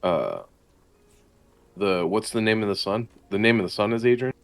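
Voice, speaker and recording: A man's voice: fairly low pitch, animated, normal speed. A man playing a tabletop game, casual and blunt as he describes what his character does. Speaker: player.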